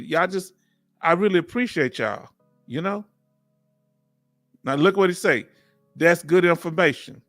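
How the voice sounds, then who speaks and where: Middle-aged male host, slightly high voice, warm and emotional, reads chat comments casually. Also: dry recording, studio quality. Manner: warm, emotional, talkative, Southern US vernacular. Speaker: livestream host. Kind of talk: casual live chat, reading comments aloud.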